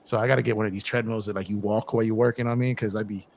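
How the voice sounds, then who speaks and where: A man's voice: fairly low pitch, fairly even intonation, rapid-fire, a little hiss or hum. A man hosting a casual sports podcast, rambling with repeated words, frequent swearing and laughter. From United States. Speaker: podcast host.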